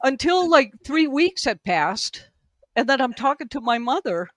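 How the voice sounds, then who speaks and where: A woman's voice: high voice, sing-song, a little slow, dry recording, clean studio sound. A woman guest telling a long personal story in casual conversation, full of "like" and "um", heard over a video call. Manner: rambling, filler-heavy, lots of "like" and "um". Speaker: podcast guest.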